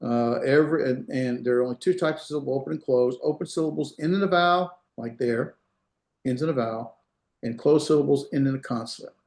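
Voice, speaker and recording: A brisk Hebrew instructor with a medium-pitched, darkish voice teaches a classroom lesson, moving step by step through the material. He repeats examples and checks that students follow, and the room sounds echoey.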